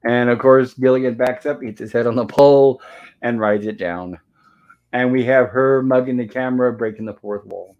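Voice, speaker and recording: Recording from home with dull audio, a man with a mid-range voice speaks at normal speed while hosting a casual review show. He retells a TV episode loosely and ramblingly, chuckling often and repeating "and of course."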